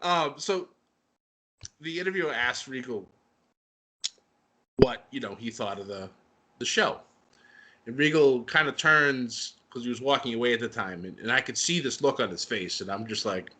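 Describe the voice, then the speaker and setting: Excitable man co-hosting a wrestling podcast. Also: medium pitch, moderate pace, long pauses. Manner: excitable, emotional storytelling. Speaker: podcast co-host. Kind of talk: casual chat.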